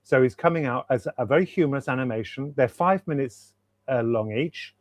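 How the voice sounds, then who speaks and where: A man talks as a guest author on a video call, eager and rambling, circling back to repeat his points. His voice sits at an ordinary middle pitch. The sound is dry and close, with no room around it. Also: fairly quick, dry recording. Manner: enthusiastic, rambling, repeats himself for emphasis. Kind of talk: casual interview chat.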